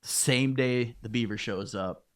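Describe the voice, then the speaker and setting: A man's voice: mid-range voice, a little slow, clear, resonant tone. A man co-hosting a history podcast, joking around in loose casual chat with lots of fillers. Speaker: podcast co-host.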